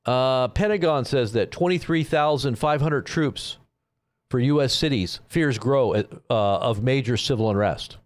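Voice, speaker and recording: A man's voice: mid-range voice, measured pace. A man hosting a live stream, giving rambling, sarcastic commentary on the news. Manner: sarcastic, rambling, with frequent restarts.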